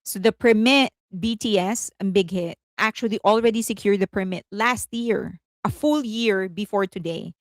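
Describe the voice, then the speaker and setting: A chatty woman hosting casual commentary, with a voice of ordinary pitch for a woman. She giggles often and stops to correct herself mid-sentence. The sound is close and dry. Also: normal speed, hardly any pauses, no echo. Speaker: host.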